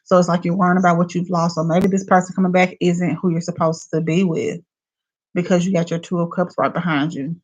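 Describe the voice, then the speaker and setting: A woman's voice: fairly low pitch, steady tone, fairly quick, a little mellow, poor audio. Chatty Southern woman reading oracle cards. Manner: casual, chatty, with many fillers. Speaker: tarot reader. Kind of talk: live oracle card reading.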